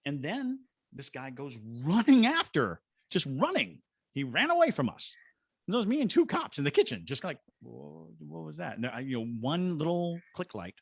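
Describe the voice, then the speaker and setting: A man's voice: on the high side, huge pitch swings, normal speed, breathy edge, no room sound. A middle-aged man from Georgia in the United States, a paranormal investigator, telling a story in a podcast interview and acting out the voices of the people in it. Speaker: guest, paranormal investigator and ghost tour guide.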